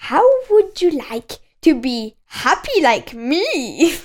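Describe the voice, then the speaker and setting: Lady doing a chirpy bossy little storybook man, high voice, takes his time. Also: very animated, slow, heavily acted. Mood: cheerful.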